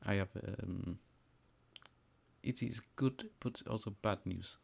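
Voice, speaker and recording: A man playing a weary adventurer in a vague put-on foreign accent, answering in halting, broken phrases. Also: fairly low pitch, vocal fry, husky, heavily acted.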